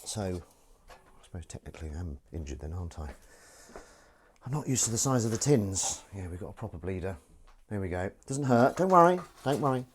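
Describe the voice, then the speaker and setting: A man's voice: low voice, expressive, fairly quick, long pauses, mellow, slight background noise. A man live-streaming from his home kitchen sink, chatting casually while he washes up and making self-mocking jokes. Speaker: streamer washing dishes live.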